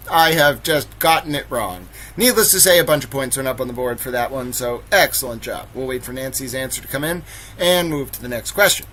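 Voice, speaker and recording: Playful male stream host running trivia, theatrical; bright, fairly high voice. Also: rough recording. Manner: playful, mock-outraged, theatrical. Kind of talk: casual livestream chat.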